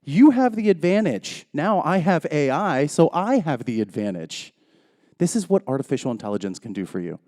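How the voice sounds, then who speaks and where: Speaking at normal speed, a thirty-something man gives a conference keynote full of jokes, told in a chatty storytelling style. His medium-pitched voice is expressive with a darkish tone, and the recording is dry and studio quality.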